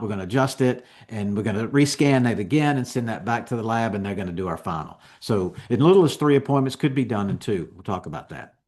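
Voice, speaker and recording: A man giving a continuing education lecture on dental technique, explaining each step in a relaxed, conversational way. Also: medium pitch.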